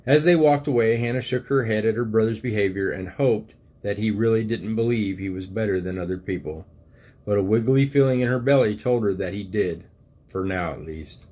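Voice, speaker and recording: Gentle and slow-paced, a grandfather reads a storybook to his grandchildren. He's an older man whose voice is on the low side.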